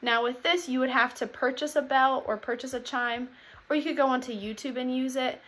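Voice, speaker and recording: A young woman preschool teacher explaining classroom routines to other teachers, upbeat and clear, now and then acting out the call-and-response chants she uses. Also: sits high, steady tone, brisk, fairly bright tone. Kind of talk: instructional talk to teachers.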